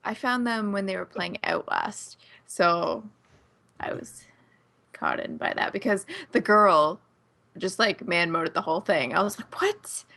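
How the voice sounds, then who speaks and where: A woman's voice: lowish voice, unhurried, vocal fry. A young Canadian woman with a Canadian accent, chatting casually and giggling as a podcast guest. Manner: giggly, animated. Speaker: guest streamer.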